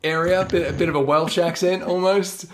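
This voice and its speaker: A man's voice: high voice, steady tone, fairly quick. A man co-hosting a podcast, chatting casually and easily. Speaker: co-host.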